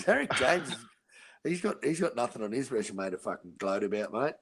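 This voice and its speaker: A man's voice: mid-range voice, very animated, moderate pace, fairly bright tone. A man with an Australian accent, talking boxing in a blunt, profane casual chat and calling everyone mate. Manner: blunt, crude and profane, says "mate" a lot. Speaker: podcast host.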